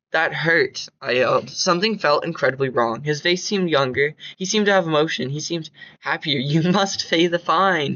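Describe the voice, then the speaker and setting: A man's voice: mid-range voice, a bit bright, muffled recording. A man narrating his own horror story in an amateur reading, with slips and restarts.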